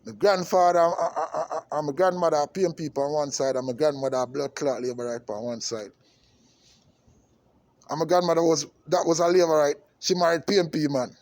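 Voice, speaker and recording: A Jamaican vlogger delivers a passionate political rant to the camera, his voice on the high side with a steady, darkish tone and a fairly quick pace. He is emphatic and repetitive, constantly checking in with his listener through tag questions.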